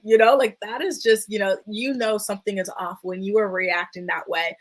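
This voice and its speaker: A woman's voice: medium pitch, steady tone, moderate pace, low-quality recording. A woman hosting a casual reality-show recap, chatty and full of fillers. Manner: chatty, many fillers, dips into quoted voices. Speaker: recap vlogger.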